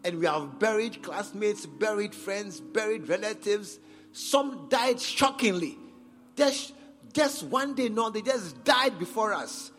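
High-voiced Ghanaian preacher in a church hall. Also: male voice, lively intonation, slow pace, a bit bright. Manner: emphatic, repetitive preaching with exhortations. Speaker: pastor. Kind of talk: sermon. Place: church service. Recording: church hall reverb with faint music.

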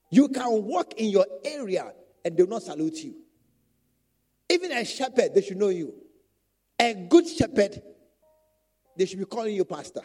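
Animated preaching man, high lively voice. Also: normal speed, pauses often, slightly rough, soft background music. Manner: animated preaching with repetition and acted quotes. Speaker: pastor. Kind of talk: sermon to church leaders.

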